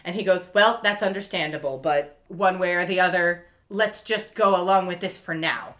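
A woman with a bright, forceful voice chats through a TV episode recap. She acts out the characters' lines with lively quoted voices and laughs often. Her tone is casual and swears freely. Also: fairly low pitch, moderate pace. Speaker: podcast co-host recapping a TV episode. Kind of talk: casual chat, retelling scenes with quoted voices.

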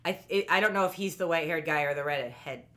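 A woman co-hosting a podcast in casual chat, sarcastic and quick to laugh, swearing freely. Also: low voice, a bit bright. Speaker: podcast co-host.

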